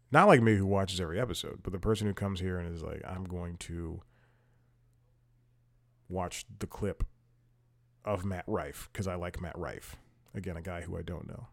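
Male podcast host with a low voice, casual and rambling, easily drifts into side stories. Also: gravelly. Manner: rambling, digressive, self-amused. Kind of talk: casual talk-show commentary.

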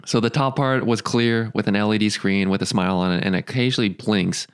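Lowish-voiced man joking with frequent profanity. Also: steady tone, brisk, clear, resonant tone. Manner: profane, joking, laughs often, lots of ums. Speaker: podcast host. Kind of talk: casual podcast chat.

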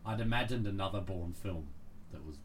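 A man co-hosting a podcast in casual chat, lively and full of questions. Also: low voice, fairly quick, slight background noise. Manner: lively, asks lots of questions. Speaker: podcast co-host.

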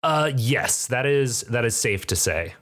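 A man narrating as game master, halting and restarting as he describes the scene. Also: medium pitch, expressive, a bit bright. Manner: halting, lots of fillers and restarts.

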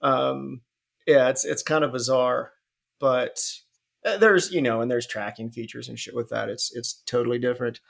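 A man's voice: mid-range voice, steady tone, moderate pace, vocal fry, fairly bright tone. A man talking casually on a podcast, rambling, cursing and laughing as he goes. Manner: rambling, profane, laughs often, drops into mock voices. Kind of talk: casual chat.

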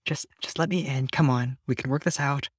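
Casting: jittery young dragon-shifter woman, a man doing the voice, stammers, pleads, a bit higher than his own voice. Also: fairly even intonation, a little fast, no echo, studio quality, close to an everyday voice. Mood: pushy. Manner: stammering, pleading then threatening. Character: young female dragon-shifter hero, anxious. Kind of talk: voicing a character in an actual-play game.

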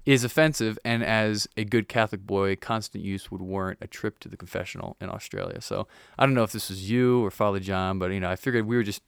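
A man's voice: fairly low pitch, fairly even intonation, quick pace, vocal fry, few pauses, clean tone, no room sound, clean studio sound. A man hosting a casual podcast, joking with his co-host and reading a listener's email aloud. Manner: jokey, laughs often, reads listener email aloud.

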